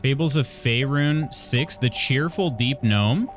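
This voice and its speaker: A man's voice: medium pitch, takes it slowly, faint music behind. A man from Illinois casually chatting while streaming a video game, reading chat aloud and laughing often.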